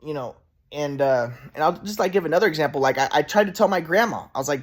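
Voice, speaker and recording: A man's voice: fairly high pitch, animated, fast, a little mellow. Frustrated, rambling man in his thirties. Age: 30s. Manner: rambling, profane, frustrated, many restarts. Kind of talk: casual personal vlog monologue.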